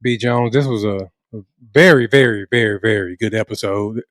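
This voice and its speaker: A man's voice: on the low side, normal speed, a bit bright, dry recording, clean studio sound. A male podcast co-host in casual, laid-back chat, teasing his partner.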